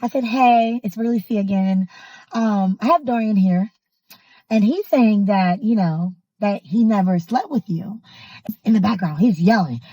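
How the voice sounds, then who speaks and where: A woman in her thirties telling a personal story in a casual, animated and emphatic way, often exasperated. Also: medium pitch, a little slow, no room sound, low-quality recording.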